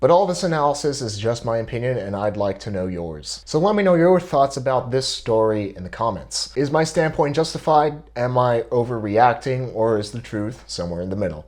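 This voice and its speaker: A young man hosting a bike video, laying out a scripted argument step by step in a measured, deliberate way. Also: mid-range voice, lively intonation, a little mellow.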